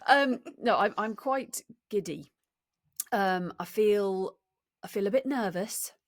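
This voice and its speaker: A middle-aged woman, hosting a podcast in a giddy, jokey, animated way. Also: medium pitch, slow. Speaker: podcast host. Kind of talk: show intro and casual chat.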